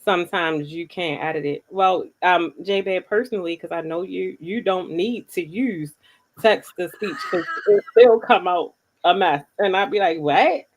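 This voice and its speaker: A woman's voice: fairly low pitch, unhurried, slight background noise. A woman co-hosting a casual talk show, reading viewer comments aloud and laughing often. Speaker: co-host. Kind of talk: casual chat.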